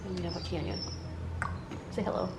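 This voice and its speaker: A woman talking to her cats at home in a cooing, affectionate way, with soft laughs. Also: fairly low pitch, fairly even intonation, brisk, very noisy. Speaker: cat channel host. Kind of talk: casual talk to her cats.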